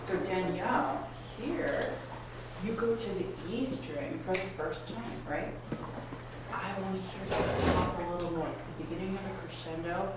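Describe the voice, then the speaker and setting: A woman's voice: mid-range voice, normal speed, heavy background noise. Encouraging woman coaching strings, echoey room. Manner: encouraging, directive, asks many questions. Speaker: masterclass coach. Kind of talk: coaching a student string ensemble. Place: rehearsal room at a community center. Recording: echoey room, far from the mic. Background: string instruments playing.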